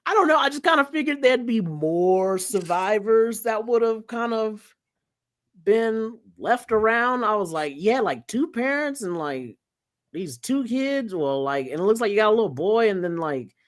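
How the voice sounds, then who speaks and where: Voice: mid-range voice, moderate pace. A podcast co-host musing and rambling casually, with hesitant restarts. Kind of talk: casual chat.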